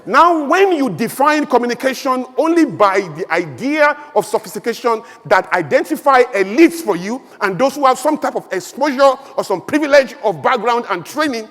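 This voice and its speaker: A man with a Nigerian accent giving an emphatic, animated public speech at a conference, full of rhetorical questions. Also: very high-pitched, normal speed. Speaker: conference speaker. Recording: long hall reverb.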